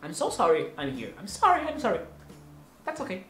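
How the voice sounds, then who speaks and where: A man's voice: high voice, wildly swooping pitch, a little fast, pushed and bright, roomy sound, a little hiss or hum. A man in his twenties from Brazil with a Brazilian Portuguese accent, Portuguese his first language, joking and teasing through a casual question-and-answer vlog. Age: 20s. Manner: playful, joking, theatrical. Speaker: vlogger.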